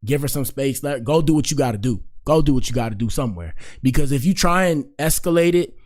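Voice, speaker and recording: A man's voice: mid-range voice, lively intonation, fast talker, a little mellow. A man hosting a podcast, rambling in casual commentary with lots of "like" and "you know", then lecturing his listeners earnestly. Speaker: podcast host.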